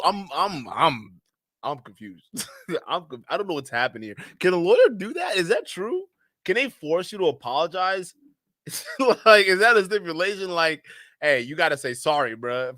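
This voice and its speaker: A man's voice: sits high, a bit bright. A man hosting a live reaction stream, laughing uncontrollably and stammering as he talks to his chat. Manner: laughing uncontrollably, breaking into shrieks; stammering, repeating himself. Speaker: livestream reaction host.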